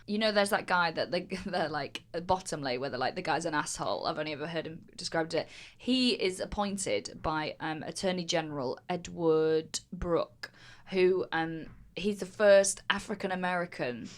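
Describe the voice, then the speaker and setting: A woman comedian co-hosts in a relaxed, chatty way, swearing freely and scattering fillers through her talk. Her voice sits a little low for a woman. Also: moderate pace, hardly any pauses. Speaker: comedian and podcast co-host. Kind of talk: casual chat.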